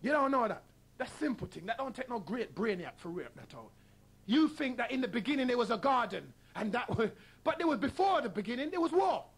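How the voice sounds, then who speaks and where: A man's voice: very high voice, very animated, a little fast, gravelly, slightly rough. A man hosting a radio talk show, delivering a combative monologue full of rhetorical questions and blunt mockery. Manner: mocking, blunt.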